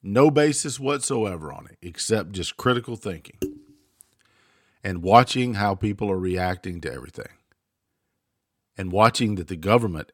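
A man's voice: fairly low pitch, no room sound, studio quality. Ranting, swearing male show host. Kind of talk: political commentary monologue. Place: home.

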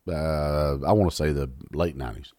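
A man's voice: a bass voice, moderate pace, dark tone, no room sound. A middle-aged man, hosting a talk show and ranting angrily about politics, swearing often and sneering sarcastically. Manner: profane, heated and sarcastic. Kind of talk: angry political rant.

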